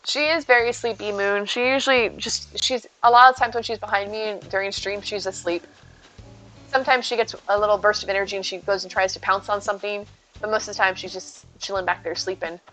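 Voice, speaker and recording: A woman's voice: medium pitch, fairly even intonation, brisk, bright, forceful tone, faint music behind. Chatty woman streamer cooing over cats. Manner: chatty, answers viewers, coos at her cat. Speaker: live streamer. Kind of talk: casual live-stream chat while gaming.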